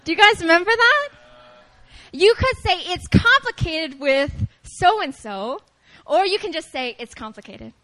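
A woman preaching at a prayer meeting, talking to the congregation in an animated, playful way and calling on them to respond. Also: very high voice, a little slow, low-quality recording. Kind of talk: lively conversational sermon.

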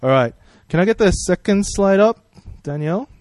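A man's voice: high-pitched, expressive, normal speed, a little mellow, no room sound. A man preaching a sermon in a friendly, conversational way, praying and asking the congregation questions. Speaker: pastor.

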